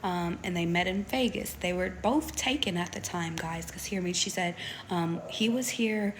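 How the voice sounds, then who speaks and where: A woman's voice: fairly low pitch, moderate pace, noisy background. A young woman, a tarot reader, talking casually on a live stream, rambling with lots of ums and the odd swear.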